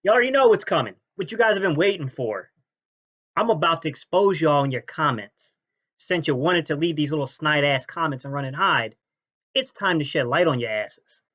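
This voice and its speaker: A man hosting a sports fan channel, ranting and mocking rival fans' comments, jumping between loud jabs and low sneers. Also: lively intonation, normal speed, dull audio. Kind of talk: fan reaction rant.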